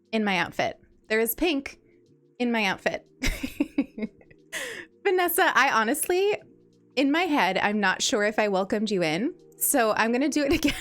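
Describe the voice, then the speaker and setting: A young woman from New York with a light New York accent, chatting casually with her stream audience while she plays, bubbly and quick to laugh. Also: fairly high pitch. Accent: New York, softened. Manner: bubbly, chatty, laughs often, restarts words. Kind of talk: casual chat while gaming.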